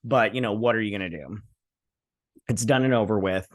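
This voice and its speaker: A man's voice: on the low side, fairly quick, no echo. Offhand man rambling through a recap. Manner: rambling, offhand, many fillers and asides. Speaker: host. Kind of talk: casual episode recap and review.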